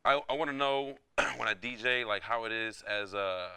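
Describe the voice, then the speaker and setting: A young man from New York, a DJ guest in a casual interview, loud and laid-back, often saying "you know what I'm saying.". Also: lowish voice, normal speed, smooth, dry recording.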